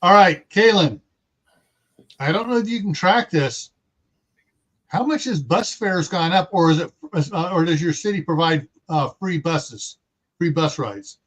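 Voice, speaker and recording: Guy from california hosting a chatty livestream, slightly high voice, rambles and gets sarcastic. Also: lively intonation, unhurried, a bit bright. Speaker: host. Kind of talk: casual livestream chat.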